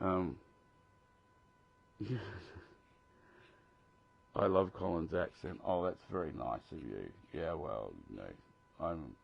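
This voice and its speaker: A man's voice: sits low, creaky, lo-fi sound, slight background noise. A middle-aged Australian man, an author, chatting casually in a live Q&A, reading questions aloud and joking about himself. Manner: chatty, reads questions aloud, self-deprecating. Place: home, live video stream.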